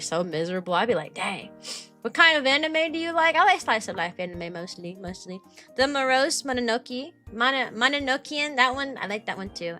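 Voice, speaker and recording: A young woman who is both a VTuber streamer and a kindergarten teacher rambles through casual stream chat, answering viewers. Her bright, fairly high voice is bubbly and animated, and she says "like" constantly.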